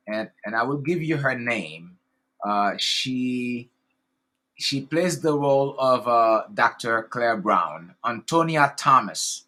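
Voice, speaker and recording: Man, interview host, effusive and warmly enthusiastic, filler-heavy rambling, tense, bright timbre. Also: mid-range voice, expressive, takes it slowly. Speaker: podcast host. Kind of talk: casual interview chat.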